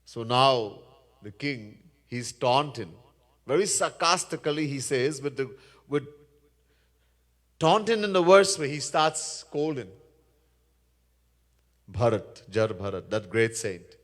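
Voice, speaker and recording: A man serving as a swami tells a scripture story earnestly and chants verses, a sermon-style storytelling recorded in an echoey Hindu temple hall. His medium-pitched voice has lively intonation, and he speaks slowly with long pauses.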